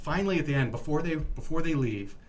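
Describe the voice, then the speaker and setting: A man's voice: a little high, fast. A middle-aged man telling a story in casual podcast chat, acting out the people in it. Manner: animated storyteller acting out customers and his boss. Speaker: podcast co-host.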